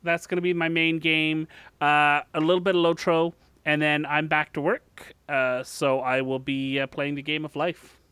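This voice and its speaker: A man's voice: fairly high pitch, level tone, moderate pace, bright, forceful tone, clean tone, no echo. A man hosting a casual gaming podcast, friendly and upbeat as he explains and thanks listeners. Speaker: podcast host.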